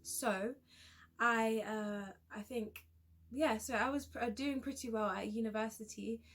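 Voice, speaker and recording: A young woman sharing a personal story in a vlog. She talks in a hesitant, halting way and often stops to restart her sentences. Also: on the high side, steady tone, fairly bright tone. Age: young adult. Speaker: vlogger.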